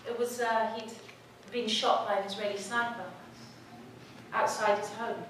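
Woman telling a heartfelt story, kinda high voice, big echoey room, mic far off. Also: little pitch movement, a little slow, a bit bright. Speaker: guest speaker. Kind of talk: emotional personal story talk. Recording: echoey hall, distant mic, faint noise.

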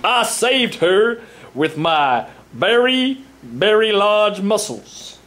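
A man's voice: sits high, big pitch swings, very slow, fairly bright tone, heavily acted. A man voicing a boastful, pompous villager with a sword who pretends to be a prince, in a comedy skit. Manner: pompous, fake old-fashioned speech.

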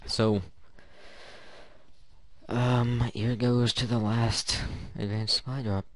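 A man's voice: medium pitch, little pitch movement, slow pace, no room sound. A man giving rambling, joking commentary to himself while opening loot in a video game. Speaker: gaming YouTuber. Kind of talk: casual gameplay commentary.

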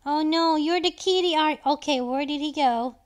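A woman in her thirties playing a video game with her child, giving animated, exclamation-filled commentary. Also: high voice, moderate pace. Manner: animated, frequently exclaiming and calling for help. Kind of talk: excited gameplay commentary.

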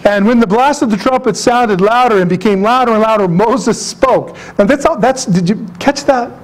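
A man preaching a sermon as pastor, emphatic and animated, with asides and jokes to his congregation. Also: high-pitched, normal speed, low-quality recording. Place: church sanctuary.

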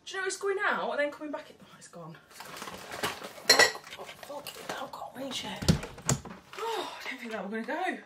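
A woman's voice: high voice, very animated, quick pace. A woman, rambling and swearing freely in a casual haul vlog recorded at home. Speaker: vlogger. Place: at home by an open window. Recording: distant mic, faint background noise.

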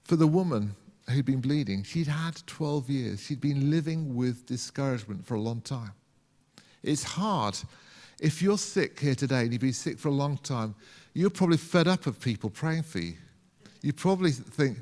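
A man from the UK preaching a sermon in a church, his voice fairly high for a man. He keeps a conversational tone, asks the congregation rhetorical questions and acts out quoted lines. The sound carries a long hall reverb. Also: lively intonation, moderate pace, a little mellow. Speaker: pastor.

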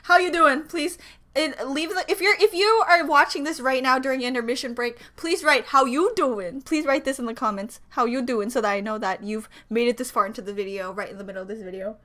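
A woman host reacting casually to a video, gushing and excitable, laughing often and chatting to her viewers. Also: a little high, fast talker, few pauses. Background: faint music from the video she watches.

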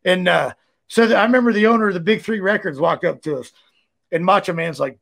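A man from Ohio, a former wrestler, telling stories as a guest in a casual, animated way, laughing often and leaning on "you know.". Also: high-pitched, quick pace, vocal fry. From Ohio, USA. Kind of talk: casual storytelling.

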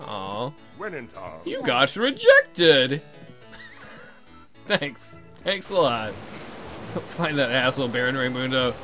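Brief: lively man, bright tone, excitable swearing let's-play commentary, faint game music behind. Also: mid-range voice, very slow, long pauses. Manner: swears a lot, excitable, sarcastic. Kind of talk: casual gameplay commentary.

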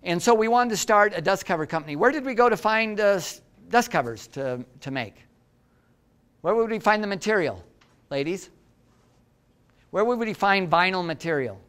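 Older male entrepreneur, lively self-deprecating storyteller, slightly high pitch, clear resonant tone. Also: normal speed, pauses often. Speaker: guest lecturer, entrepreneur. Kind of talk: anecdotal lecture to students.

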